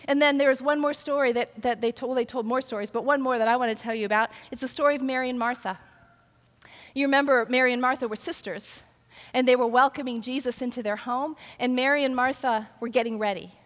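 An older woman preaching a sermon, telling stories in a conversational way and acting out the voices of the people in them. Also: fairly high pitch. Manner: storytelling, conversational, acts out quoted voices. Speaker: pastor. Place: large church sanctuary. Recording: long hall reverb.

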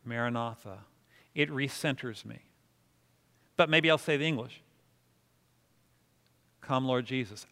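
A man's voice: a little high, bright, forceful tone. A man preaching to a congregation, teaching prayer in a casual, self-deprecating way and inviting the room to repeat words with him. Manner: conversational, self-deprecating, leads congregation in responses. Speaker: pastor. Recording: long reverb of a hall.

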